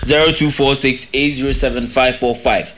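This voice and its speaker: A man's voice: medium pitch, steady tone, moderate pace, music in the background. Ghanaian male call-in host, terse affirming style, radio broadcast. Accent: Ghanaian English. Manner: brief affirmations, greets callers warmly by title.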